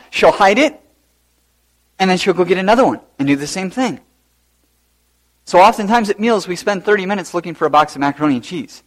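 A man preaching a sermon as pastor, animated and rising to loud emphasis. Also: sits high.

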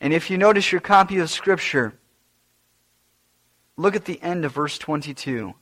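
A man preaching a sermon in a dramatic way, swelling to loud emphasis and then dropping low. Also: animated, normal speed.

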